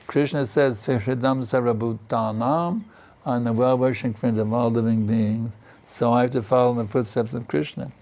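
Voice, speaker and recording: Older guy with a gravelly voice teaching a temple class, chatty, keeps asking isn't it. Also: mid-range voice, fairly even intonation, moderate pace, darkish tone. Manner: conversational, repeats "isn't it" and "you see", laughs often. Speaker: spiritual teacher giving a class. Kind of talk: scripture class sermon. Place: temple in Vrindavan.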